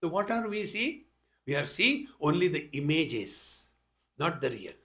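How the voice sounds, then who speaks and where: A man's voice: fairly high pitch, big pitch swings, unhurried, fairly bright tone. An older man with an Indian accent giving a spiritual talk, telling stories with rhetorical questions and humorous asides. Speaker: spiritual teacher. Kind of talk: spiritual discourse to an audience.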